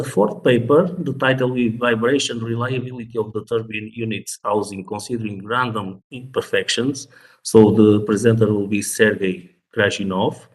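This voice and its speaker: Man, session chair, lowish pitch, halting, restarts often, online conference, computer mic. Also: poor audio. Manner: halting, reading out paper titles with frequent restarts. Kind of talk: introducing speakers at an online academic conference. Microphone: computer microphone on a video call.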